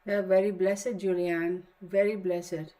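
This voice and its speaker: A woman's voice: lowish voice, level tone, slow pace, mellow. A middle-aged woman with a Texan accent, hosting a tarot stream and telling a long story with many fillers. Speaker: tarot channel host. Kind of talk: casual livestream chat.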